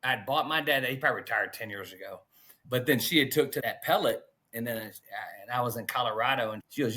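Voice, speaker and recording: A man's voice: medium pitch, a little fast, pushed and bright. A man, telling his story as a guest in a casual, folksy way. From Gulf Coast of Alabama, US. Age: 40s. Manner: laid-back, folksy, peppers talk with "man" and "dude". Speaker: guest pitmaster.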